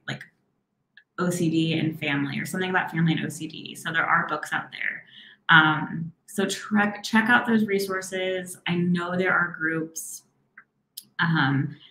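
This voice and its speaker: A woman therapist answering viewer questions on a live stream, encouraging and reassuring, often speaking quickly and then slowing herself down. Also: fairly low pitch, echoey room, poor audio. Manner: warm, encouraging, talks fast and slows herself down.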